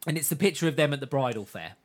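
A man in casual chat with friends, briskly retelling a plot, swearing freely and slipping into quick voiced quotes. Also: on the high side, lively intonation. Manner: narrates scenes briskly, swears, acts out quotes, laughs often. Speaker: podcast co-host recapping an anime.

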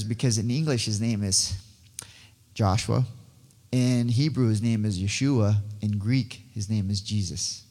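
Excitable man telling his testimony in a reverberant hall. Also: lowish voice, measured pace. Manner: rambling, restarts often, excitable storytelling. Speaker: guest speaker giving a testimony. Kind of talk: personal testimony talk.

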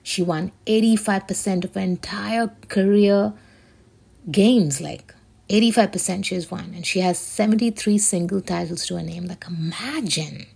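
A woman's voice: mid-range voice, fairly even intonation, moderate pace, creaky, darkish tone, slightly rough. A woman hosting her own show, talking in a rambling, emphatic way with plenty of swearing. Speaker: show host. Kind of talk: casual solo commentary.

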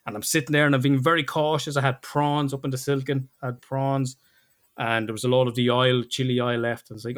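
A man's voice: mid-range voice, fairly even intonation, quick pace. A man in casual chat, ranting and swearing, laughing often.

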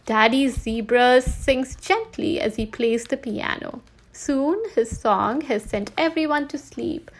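A woman reading a children's story aloud in a slow, clear way. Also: on the high side.

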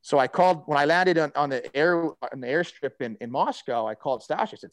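Talking fast in a voice on the high side, this middle-aged man, once a hockey player, spins a long, animated yarn in casual conversation. He rambles, with plenty of fillers and restarts, and the audio has no echo.

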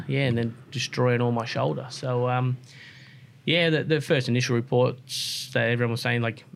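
A man's voice: medium pitch, creaky, smooth. An Australian man, a racer guest, telling his story in casual interview chat with lots of fillers and restarts. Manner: rambling, many fillers and restarts.

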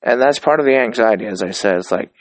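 A man's voice: medium pitch, fast, no echo, low-quality recording. A man in his thirties hosting his own show, talking in a loose, rambling monologue with casual swearing and reflective, upbeat musings. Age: 30s. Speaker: host.

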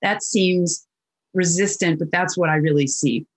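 Animated middle-aged woman telling her story. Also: lowish voice, measured pace. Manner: animated storyteller who acts out quotes. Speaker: interview guest, intuitive. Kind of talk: personal storytelling in an interview.

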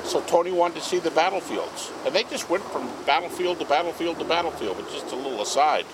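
A man tells stories to a small group at an outdoor party, with a lively, swooping delivery. His voice sits a little high for a man. Faint outdoor and traffic noise is heard behind him. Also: fairly quick. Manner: animated, acts out quoted speech. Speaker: guest speaker. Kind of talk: anecdotal storytelling to a small group.

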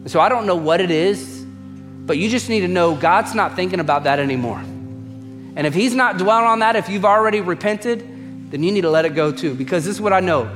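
A man's voice: sits high, fairly quick, a bit bright, in a large hall, faint music behind. A male pastor preaching a sermon, emphatic, repeating refrains and putting direct questions to the congregation. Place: church auditorium.

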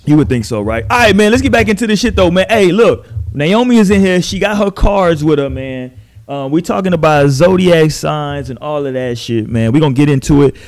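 Male podcast host with a slightly high voice; slangy, profane and relaxed, full of filler phrases. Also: brisk. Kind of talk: casual chat.

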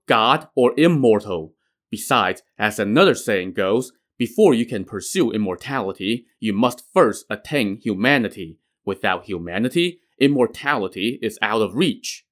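A man's voice: lowish voice, a bit bright. A man voicing a young male prince who pleads respectfully but firmly with his master.

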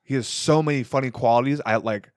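A young man rambles through a long story on a casual podcast, swearing freely and circling back on himself. His voice sits at a middle pitch and sounds dry and close to the mic. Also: quick pace, no room sound. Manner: animated storyteller, profane and rambling. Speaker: podcast co-host. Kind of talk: casual conversation.

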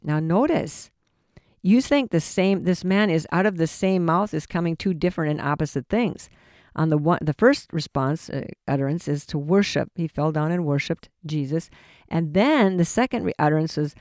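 Earnest man preaching, smooth and dry. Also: fairly high pitch, expressive, moderate pace, a little mellow, no room sound. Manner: earnest, conversational, frequent restarts. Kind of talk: informal Bible teaching sermon.

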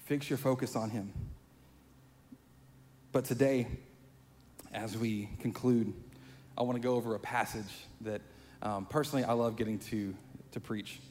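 A pastor preaching a sermon in a chatty, conversational way, building to animated emphasis. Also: male voice, mid-range voice, normal speed, pauses often, a little hiss or hum. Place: church sanctuary. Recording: long hall reverb, faint music.

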